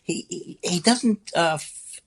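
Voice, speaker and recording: A middle-aged man, a comedian guest, chatting in an interview with animated, stammering, self-deprecating asides. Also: sits high, slow, slightly rough. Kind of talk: casual interview chat.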